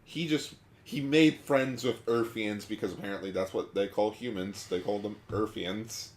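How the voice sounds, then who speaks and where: A podcast co-host in casual chat, joking, laughing and firing back quick comebacks. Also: mid-range voice, a little mellow. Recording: echoey room.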